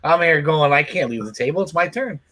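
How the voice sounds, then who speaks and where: A man with a high voice tells animated stories in relaxed livestream chat, laughing often as he talks. He sounds like a regular host among friends. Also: brisk. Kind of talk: casual chat.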